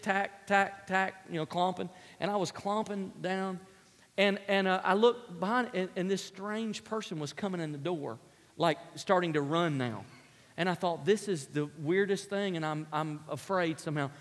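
High-voiced man preaching in a reverberant hall. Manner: animated storyteller, acts out sounds and voices. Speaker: pastor. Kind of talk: sermon with personal story.

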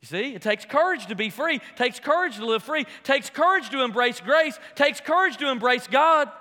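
Male pastor, high bright voice, preaching and questioning his congregation in a reverberant hall. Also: lively intonation, a little fast, few pauses. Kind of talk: sermon.

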